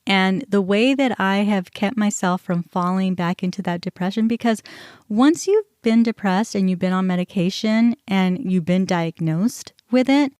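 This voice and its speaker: A woman's voice: medium pitch, darkish tone, no echo, clean studio sound. A woman in her forties hosting a podcast, telling a personal story in a candid, conversational way with lots of casual fillers. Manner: candid, conversational, many "you know" and "like" fillers. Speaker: podcast host.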